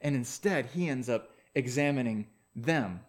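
A man preaching a sermon, reading scripture, praying, then telling a story in a relaxed, conversational way. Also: mid-range voice, measured pace. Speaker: pastor.

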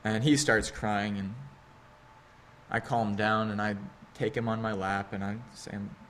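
A man's voice: on the low side, fairly even intonation, unhurried, a bit bright, slight background noise. A man in his thirties preaching a sermon in a conversational, earnest way with wry asides. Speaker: pastor.

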